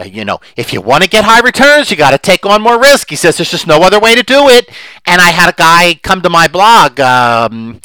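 A man's voice: on the high side, bright, forceful tone, dry recording, low-quality recording. A middle-aged man hosting his podcast solo, talking in an emphatic, rambling way that gets more worked up as he goes. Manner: rambling with restarts and asides. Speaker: podcast host. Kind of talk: opinionated solo podcast monologue.

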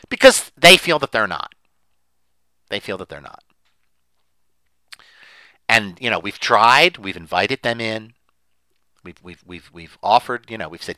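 A man talking in a rambling monologue, repeating words and rising loud and high when indignant. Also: very animated, normal speed, long pauses, no echo. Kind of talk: casual monologue.

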